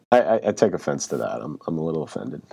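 A man with a very deep voice co-hosts a podcast. His chat is easygoing and casual. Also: creaky, dark tone, breathy edge. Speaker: podcast co-host.

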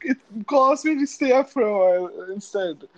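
A man's voice: high voice, expressive, normal speed, fairly bright tone, highs cut off. A man co-hosting a casual podcast, joking and giggling, often stammering and repeating words. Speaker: podcast co-host. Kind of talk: casual chat.

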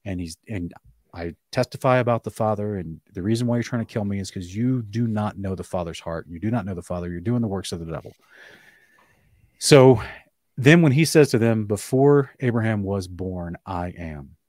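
A man hosting a casual live-streamed discussion, reading scripture aloud in between quick restarts and short chuckles. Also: fairly low pitch, darkish tone, dry recording, clean studio sound. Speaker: host.

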